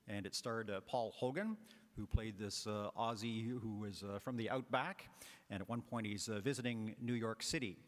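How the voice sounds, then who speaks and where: A man's voice: fairly low pitch, steady tone, normal speed. A man preaching a homily as a priest, talking in a conversational way with fillers and asides. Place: large church. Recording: long church reverb.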